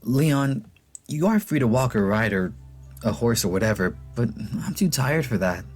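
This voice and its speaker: A man's voice: mid-range voice, animated, normal speed, a little mellow, soft background music, natural voice. A man doing a teasing, breezy young hero. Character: playful, teasing young male player character.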